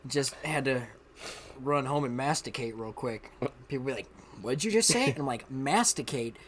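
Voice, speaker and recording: A podcast co-host in casual chat, making crude jokes, animated and swearing freely. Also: mid-range voice.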